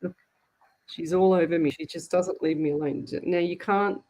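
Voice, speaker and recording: A woman's voice: fairly low pitch, fairly even intonation, normal speed, a little mellow. An Australian woman, a psychic medium, hosting a live show and chatting frankly with her viewers. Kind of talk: casual live-stream chat.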